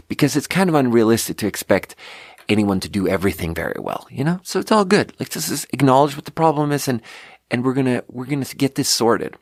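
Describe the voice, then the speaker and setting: A man's voice: medium pitch, fast talker, dry recording, studio quality. A man hosting a podcast, telling a story in a rambling, casual way full of fillers and restarts. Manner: rambling, filler-heavy, animated retelling. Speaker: podcast host.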